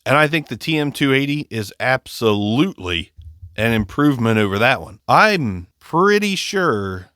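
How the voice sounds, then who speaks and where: This casual gear review comes from an Ohio man with an Appalachian accent, sounding slightly nasal and congested from allergies as he jokes about a microphone, chatty and self-deprecating. He sits close on a condenser mic. His medium-pitched voice is sing-song, pushed and bright yet smooth, at normal speed, in a dry recording.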